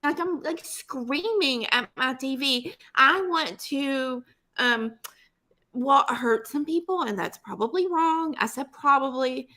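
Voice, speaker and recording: A woman's voice: high-pitched, lively intonation, slow pace, bright, forceful tone. A woman co-hosting a casual podcast chat, emotional and fired up as she talks. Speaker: podcast co-host.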